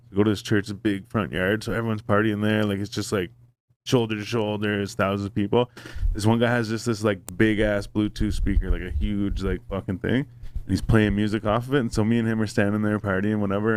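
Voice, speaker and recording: A man telling a long story in casual podcast chat, rambling and swearing, with many fillers. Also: on the low side.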